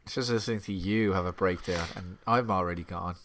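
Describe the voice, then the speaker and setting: A man's voice: sits low, a little fast, a bit bright. A man co-hosting a casual film commentary, sarcastic and exasperated, often mimicking the characters.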